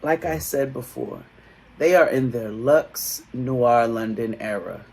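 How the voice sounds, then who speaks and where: A co-host of a reality-TV recap show, chatting casually and profanely, laughing often and acting out quotes in big high voices. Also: slow, creaky, slightly rough. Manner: laughs often while talking. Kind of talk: casual pop-culture recap chat.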